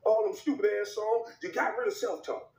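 Man doing a high, whiny sports pundit, stammering, frantic, roomy echo. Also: normal speed, darkish tone, distant mic, close to an everyday voice. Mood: whining pleading. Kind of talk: comedic impression skit.

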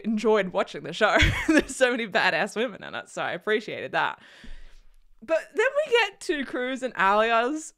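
A young woman gushing excitedly about a TV show in a casual reaction vlog, laughing often, recorded indoors in a small room. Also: a little high. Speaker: reaction vlogger.

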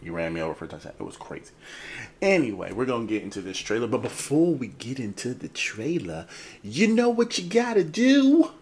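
A man's voice: on the low side, lively intonation, quick pace. A man hosting his channel in a casual, playful chat, rambling and joking before a game trailer reaction. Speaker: host.

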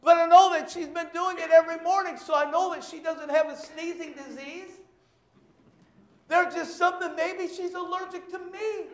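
A male pastor preaching with a very high-pitched voice, caught in a roomy, echoing church. He tells homey stories and breaks into shouted bursts. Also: normal speed. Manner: animated storytelling with shouted bursts. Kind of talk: sermon.

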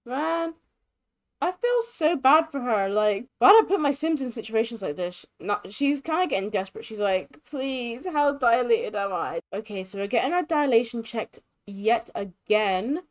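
A young woman giving casual, chatty commentary on a life-simulation game, expressive and sympathetic. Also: a little high, normal speed. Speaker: gaming creator.

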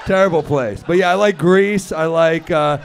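A man's voice: fairly high pitch, moderate pace. Blunt man comedian, noisy stage mic. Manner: blunt, profane, dry asides. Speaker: guest comedian. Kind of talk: stand-up crowd work, casual banter.

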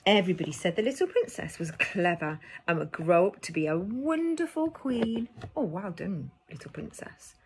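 A woman, a nursery teacher reading a picture book aloud to toddlers in an animated, sing-song way full of gasps. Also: a little high, moderate pace, hardly any pauses, slight background noise.

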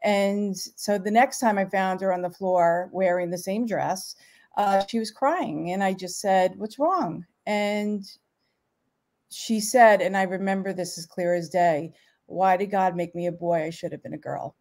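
Give me a middle-aged woman telling a heartfelt family story, halting and emotional, at an average pitch. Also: steady tone, a little mellow. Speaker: parent guest. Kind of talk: personal storytelling in a live interview.

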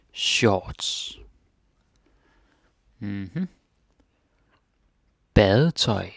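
A man with a Danish accent teaching a relaxed vocabulary lesson, repeating each word and tagging lines with a questioning "eh?". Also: fairly low pitch, creaky, breathy edge, dry recording, clean studio sound. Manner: relaxed, repeats words slowly, tags sentences with "eh?".

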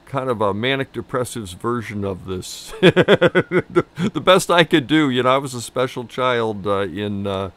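A man with a Chicago accent co-hosting a casual coffee tasting chat, rambling and full of fillers, quick to laugh. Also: mid-range voice, expressive, fairly bright tone. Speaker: co-host.

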